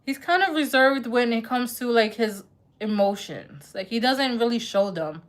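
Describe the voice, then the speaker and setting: A woman's voice: a little high, expressive, normal speed. A woman giving a casual live-stream tarot reading, chatty and full of "like" and "right?", who says her accent is thick. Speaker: tarot reader.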